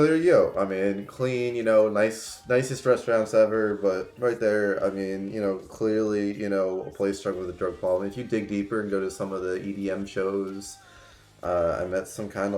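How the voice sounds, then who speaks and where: A man's voice: sits low, a little mellow, echoey room. A man in his twenties telling rambling stories on a casual livestream, full of fillers and restarts. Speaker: streamer.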